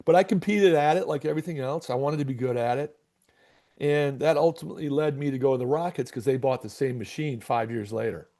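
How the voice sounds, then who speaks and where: A middle-aged basketball coach from Michigan, guesting on a podcast interview, spins a story in a gravelly, mellow, mid-range voice at a brisk clip. He acts out both sides of old conversations, stumbling and repeating words along the way.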